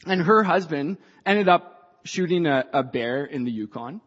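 A woman preaching a sermon to a church, passionate and rising to shouts. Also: sits low, expressive, measured pace, breathy edge. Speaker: church speaker. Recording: dull sound in a reverberant hall.

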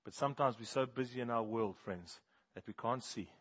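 A man preaching a sermon, telling animated stories and swinging from loud bursts to hushed, slow appeals. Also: mid-range voice. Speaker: pastor. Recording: dull, muffled sound.

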